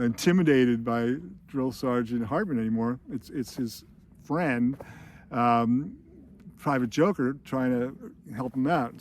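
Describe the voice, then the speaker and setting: A man's voice: medium pitch, a little mellow. A man hosting film commentary, retelling scenes casually, rambling with chuckles and fillers.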